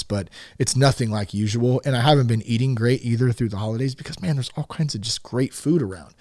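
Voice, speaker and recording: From his home in Northern California, a man hosts his own podcast in a medium-pitched, darkish voice with studio quality and no room sound. He talks casually and self-deprecatingly, using plenty of fillers.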